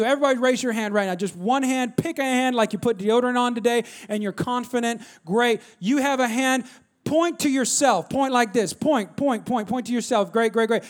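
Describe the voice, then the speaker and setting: A man in his thirties preaching a sermon, energetic, repeating phrases and calling on the congregation to respond. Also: normal speed. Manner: drops low and quiet when telling a story. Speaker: pastor.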